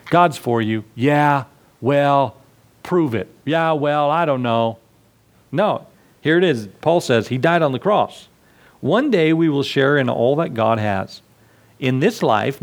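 A man preaching a sermon to his congregation in a conversational way, acting out little scenes with asides. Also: medium pitch. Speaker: pastor.

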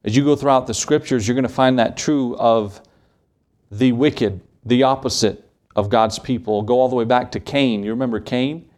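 A man's voice: medium pitch, moderate pace, darkish tone. A man preaching a morning sermon, asking the congregation rhetorical questions and acting out short quotes.

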